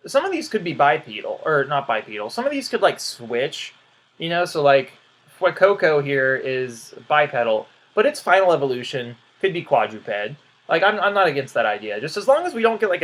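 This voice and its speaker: A man's voice: fairly high pitch, fairly bright tone. A man giving casual video commentary, rambling and hesitant, often trailing off into "um" and "I don't know". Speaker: YouTuber.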